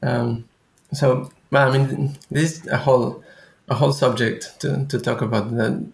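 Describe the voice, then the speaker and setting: A young man talks in a relaxed conversation, pausing and restarting as he works through his thoughts. His voice has a gravelly, creaky edge. The sound carries a noticeable echo from the room. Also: medium pitch. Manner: thoughtful, halting, many restarts. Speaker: guest researcher. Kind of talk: casual conversation.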